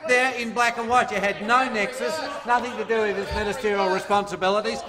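A man's voice: high-pitched, steady tone, a little fast, crowd noise. Combative Australian man in a reverberant chamber. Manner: combative, mocking, reads rules aloud. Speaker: government minister in parliament. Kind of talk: parliamentary debate speech. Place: parliament chamber.

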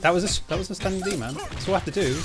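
A man's voice: sits high, racing, music in the background. A middle-aged man giving casual commentary while streaming a fighting game, grumbling and poking fun at himself in a slangy way. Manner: grumbling, self-mocking, slangy.

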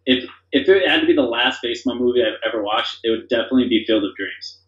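Speaking quickly at a medium pitch, a man who founded a company rambles enthusiastically as a podcast guest. The conversation is casual and full of fillers. His audio has a dull, roomy quality.

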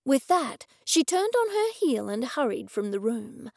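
A woman reading an audiobook in wry, even first-person storytelling. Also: on the high side, normal speed, gravelly, few pauses, no echo, clean studio sound. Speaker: audiobook narrator. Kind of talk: scripted narration.

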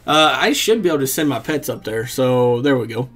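A man's voice: mid-range voice, a little fast. Laid-back gamer man. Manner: relaxed and rambling, swears freely, chuckles often. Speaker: gaming commentator. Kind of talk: casual gameplay commentary.

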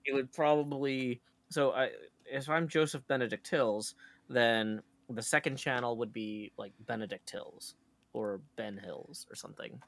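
Gravelly, rambling man chatting. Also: medium pitch, a little slow. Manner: rambling storyteller, many fillers and restarts. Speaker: co-host on a stream. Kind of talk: casual chat.

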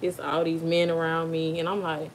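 A woman's voice: sits low, little pitch movement, moderate pace, a little hiss or hum. A young woman with an African American Vernacular English accent, telling a birth story in a chatty way and laughing often. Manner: chatty, laughs often, talks to kids off camera. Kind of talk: casual storytime.

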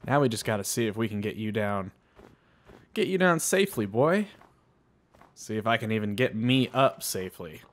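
A man's voice: lowish voice, fairly even intonation, fast, hardly any pauses. A man casually commenting on his own gameplay, chatting to himself and to the animals in the game. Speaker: gaming channel host. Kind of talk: casual let's-play commentary.

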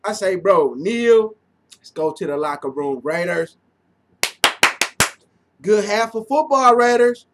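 A man giving excited, slangy fan commentary on a football game, repeating lines and often shouting. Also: sits high, slow pace, pauses often, background noise.

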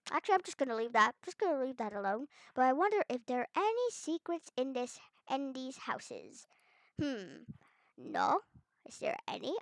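A woman's voice: high voice, a bit bright, no room sound. A woman host chatting casually over her gameplay, chatty and playful with squeals and giggles. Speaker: gaming channel host. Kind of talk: casual game commentary.

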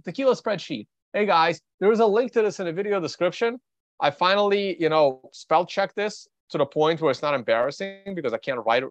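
His voice is on the high side with a fairly bright tone. A Russian trader and show host, he rambles through casual market commentary on a livestream, blunt and offhand as he thinks aloud, in a dry, slightly dull recording without echo.

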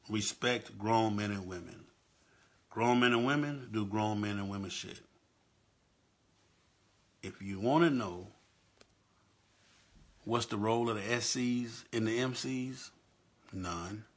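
A man's voice: on the low side, a bit bright, breathy edge. A middle-aged man hosting a live-stream talk, impassioned and swinging between choked-up and fired-up. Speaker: show host.

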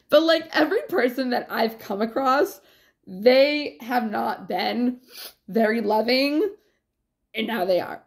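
A woman's voice: a little high, expressive, measured pace. A woman vlogger talking in a rambling, casual confessional way, with plenty of fillers and swearing.

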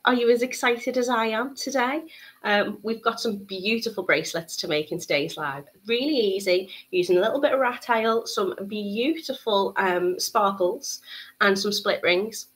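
A young woman running a live bead-craft tutorial stream for a bead shop is bubbly and chatty, greeting viewers and filling gaps with lots of ums. Her mid-range voice is a bit bright and goes at a normal speed.

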